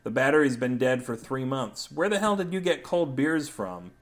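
A man's voice: mid-range voice, lively intonation, normal speed, lightly acted. A man voicing a weary, exasperated young man with a dry delivery.

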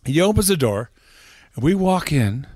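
A man, a touring drummer and podcast guest, telling animated anecdotes and acting out the voices of the people in them. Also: a little high, normal speed, no echo. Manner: animated anecdote teller, acts out the voices in his stories. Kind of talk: casual storytelling chat.

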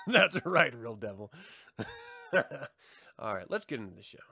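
A man's voice: mid-range voice, big pitch swings, slow pace, sharp tone. A man hosting a live stream, chatting casually with viewers, joking, swearing and laughing a lot. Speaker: livestream host.

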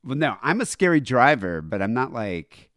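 Host: man, lowish and animated, rambling casual chat, dry close sound. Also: moderate pace, no echo. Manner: rambling, laughing, lots of fillers. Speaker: podcast host.

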